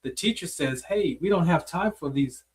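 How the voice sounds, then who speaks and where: A man with a fairly high voice hosts a casual interview. He tells stories in a reflective, rambling way, leaning on "like" and "man". His voice sounds a little far from the microphone. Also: lively intonation, normal speed. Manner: storytelling, reflective, uses "like" and "man" often. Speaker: host.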